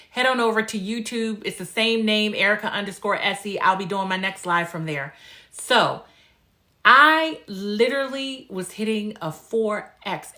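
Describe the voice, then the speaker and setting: Chatty woman live-streaming with a bright voice. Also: mid-range voice. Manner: chatty and confiding, breaks into emotional retellings. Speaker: lifestyle coach and live streamer. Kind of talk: casual live-stream chat.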